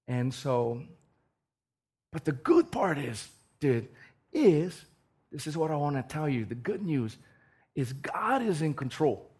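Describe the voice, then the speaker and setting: A man delivers a sermon woven with personal stories. His voice sits a little high, and he swings between loud, emphatic bursts and quiet asides, often repeating words as he goes. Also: big pitch swings, a little slow, pauses often, breathy edge. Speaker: preacher.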